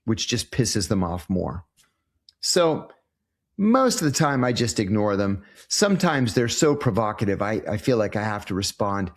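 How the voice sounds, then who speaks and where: A man's voice: lowish voice, normal speed. A man in his sixties, a former intelligence officer answering interview questions in a casual, storytelling way. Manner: animated storyteller, acts out quoted exchanges.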